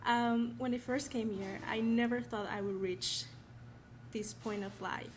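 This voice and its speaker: Teen student from Mexico, Mexican accent, flat-toned and nervous at a noisy school event. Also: female voice, on the high side, measured pace. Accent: Mexican Spanish. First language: Spanish. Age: teens. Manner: nervous, apologetic, earnest. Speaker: honored student. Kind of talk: award acceptance speech.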